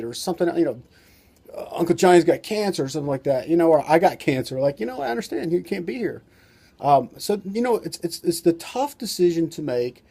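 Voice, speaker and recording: Male doctor giving a loose, rambling explainer on camera; slightly high, mellow voice. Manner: rambling, loose delivery full of "you know" and "like". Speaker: doctor and author. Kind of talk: informal talk-to-camera lesson.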